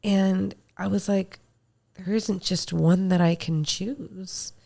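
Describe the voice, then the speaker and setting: A woman co-hosting a casual podcast, talking in a calm, self-assured way. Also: mid-range voice, takes it slowly, gravelly. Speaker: podcast co-host. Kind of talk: casual chat.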